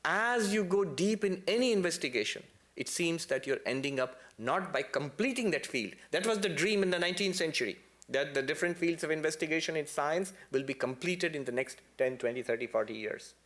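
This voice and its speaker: Briskly and with hardly any pauses, a man lectures a temple congregation on spiritual matters. His storytelling is lively, marked by playful side remarks and abrupt, high-pitched bursts of emphasis.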